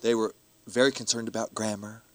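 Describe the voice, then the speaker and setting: A man's voice: on the low side, steady tone, fairly quick. A man who is a professional storyteller, talking animatedly in a casual interview, laughing often and acting out the people he quotes.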